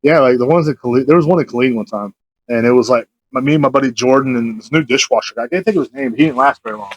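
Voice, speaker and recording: A man's voice: medium pitch, no echo, muffled recording. A young man, hosting a podcast and rambling through profane anecdotes in casual chat. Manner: rambling anecdotes, quick, laughing, swears freely. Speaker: podcast host.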